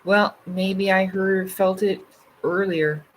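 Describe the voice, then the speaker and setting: A woman's voice: medium pitch, fairly even intonation, slow, poor audio. A woman hosting a casual livestream, chatting loosely with her viewers, full of fillers and swearing freely. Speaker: livestream host. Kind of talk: casual live chat reading comments.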